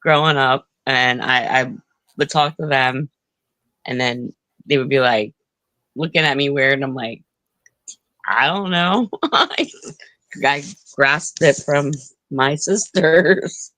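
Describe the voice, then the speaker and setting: A woman from Pennsylvania co-hosting a casual livestream chat, speaking haltingly and often repeating words. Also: rumbling low, steady tone, fairly bright tone, no room sound.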